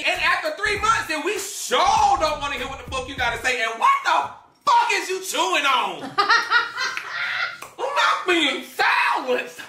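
A woman hosting a drama commentary, loud, laughing and swearing as she rants. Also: high voice, big pitch swings, measured pace, roomy sound, soft background music. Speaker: commentary host.

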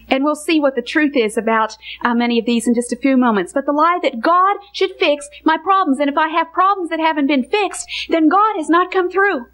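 A woman Bible teacher giving a teaching message to women, earnest and emphatic, slowing down on key phrases. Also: high-pitched, fairly bright tone.

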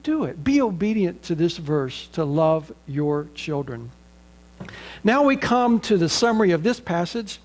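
A man's voice: fairly high pitch, sing-song, measured pace, darkish tone. A middle-aged man with a Southern American accent, an earnest pastor preaching a sermon and leading a prayer.

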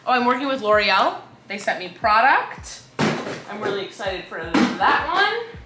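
A young woman chats her way through an unboxing in a casual vlog, gushing and gasping as she goes, a little tired. Her voice sits at an ordinary middle pitch. It rings in a roomy space with loud music underneath. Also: sing-song, unhurried. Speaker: lifestyle influencer. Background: background music.

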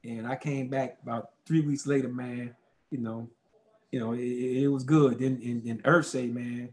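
A man, a former football player telling stories in a casual interview, rambling and animated with lots of fillers. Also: mid-range voice, normal speed.

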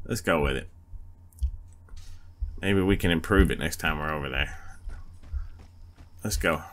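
A man's voice: very deep voice, a little slow, a bit bright. A man giving casual, laid-back commentary while playing a video game, thinking aloud. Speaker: let's play gamer.

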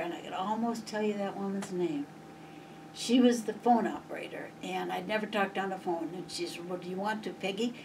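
An older woman with a Montana accent tells stories from her childhood in an oral history interview, chuckling often and acting out the voices in them. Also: medium pitch. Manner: lively, chuckling reminiscence with acted quotes. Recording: distant mic, faint noise.

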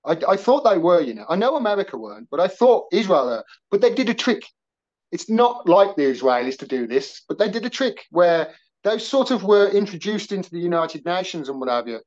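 A man from Wolverhampton with a West Midlands accent, chatting as a podcast guest with animated, ironic commentary. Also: sits high, fairly quick, muffled recording. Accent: West Midlands English. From Wolverhampton, England. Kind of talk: casual video-call chat.

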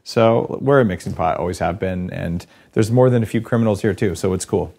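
A man's voice: low-pitched, fairly quick, vocal fry, darkish tone. A man hosting a casual podcast interview, wry and teasing, often stumbling over and repeating his first words. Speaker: podcast host.

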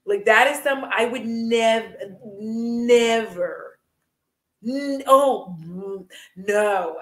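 A woman's voice: fairly high pitch, extremely slow, a bit bright, reverberant. A young adult woman vlogging at home in a casual, gossipy chat, rambling with lots of fillers and frequent giggles. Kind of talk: casual chat while decluttering. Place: room at home.

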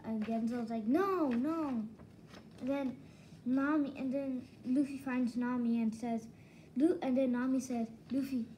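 A woman giving a casual book review, retelling the story excitedly with many restarts and false starts. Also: a little high, moderate pace, slight background noise, rough recording.

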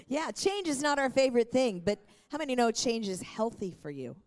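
A woman's voice: a little high, big pitch swings, moderate pace. A middle-aged woman preaching a sermon in an earnest, encouraging way. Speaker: pastor.

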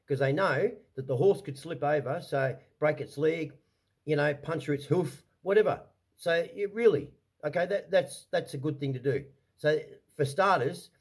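A man's voice: a little high, normal speed, husky. An Australian man delivering an angry, heated vlog rant to camera, swearing often and repeating himself as he restarts his sentences. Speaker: vlogger. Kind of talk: angry ranting monologue.

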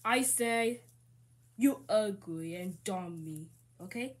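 Knuckles: a slow, rude echidna guy, voiced by a woman, homemade fan dub. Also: medium pitch, noisy background, natural voice. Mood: insulting. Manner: broken grammar, insulting, grudging.

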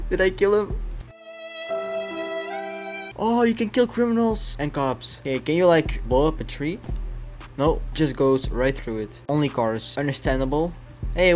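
A young man with a slightly high voice gives loose, excitable gameplay commentary. He jokes and laughs his way through trolling other players, with faint music playing underneath. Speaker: gaming YouTuber. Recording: voice over faint background music.

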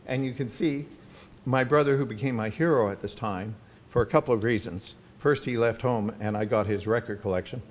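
Speaking briskly in a mid-range voice, an older man, the featured speaker at a symposium, talks about his family to an audience in a university hall. He uses a podium microphone and keeps his anecdotal storytelling warm, with frequent asides.

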